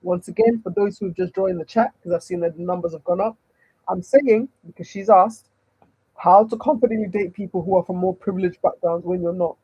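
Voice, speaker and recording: A woman's voice: fairly low pitch, fairly even intonation, brisk, dark tone, breathy edge, dry recording, dull audio. A woman with a Nigerian accent, a dating coach answering chat questions on a livestream, emphatic and full of rhetorical questions.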